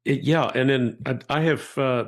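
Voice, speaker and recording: A man's voice: mid-range voice, normal speed. Affable male interview host. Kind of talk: casual interview talk.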